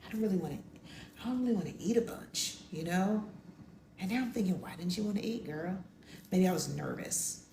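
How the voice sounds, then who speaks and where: Animated woman telling a story in an echoey room. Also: gravelly, noisy background. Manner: animated, acts out quotes in a high voice. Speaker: podcast co-host. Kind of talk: casual storytelling. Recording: echoey room with faint ambience.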